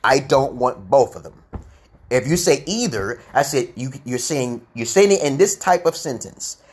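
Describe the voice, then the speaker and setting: A man's voice: medium pitch, animated, moderate pace, slightly rough. Rambling man in his forties teaching English. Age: 40s. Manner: rambling, repeats "okay?" often. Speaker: English teacher on a live stream. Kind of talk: casual live-stream English lesson.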